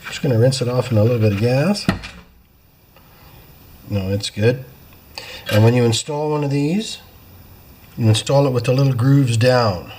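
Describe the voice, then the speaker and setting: A man's voice: medium pitch, moderate pace, long pauses, a little mellow, slight background noise. Chatty man talking through a repair. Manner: chatty, explains each step as he works; self-deprecating, apologetic asides. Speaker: small-engine repair shop owner. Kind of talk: casual hands-on repair walkthrough. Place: repair workshop.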